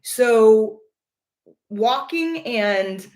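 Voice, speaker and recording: Her voice is a little high and darkish, animated, with drawn-out words. As a vlogger she casually recounts a personal experience for viewers, speaking earnestly while searching for words and repeating phrases.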